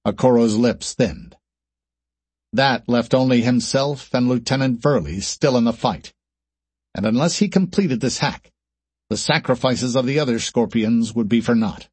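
A man narrating an action novel as an audiobook in a steady, measured way. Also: mid-range voice, husky, dry recording. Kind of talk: scripted narration.

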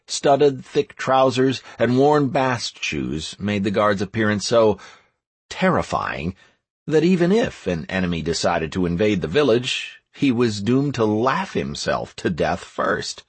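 A man narrating a fantasy audiobook in the first person, telling it in a wry, expressive way. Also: fairly low pitch, measured pace, slightly rough, no room sound.

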